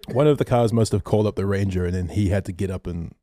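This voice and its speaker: A man co-hosting a podcast, telling a story in a casual, animated way, swearing freely. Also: low-pitched, fast talker, no room sound, studio quality. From Australia. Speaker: podcast co-host.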